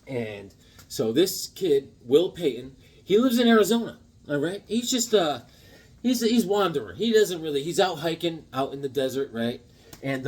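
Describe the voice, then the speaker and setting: A man's voice: on the high side, slightly rough. A man casually recapping a comic series, rambling and chatty, often checking in with the listener.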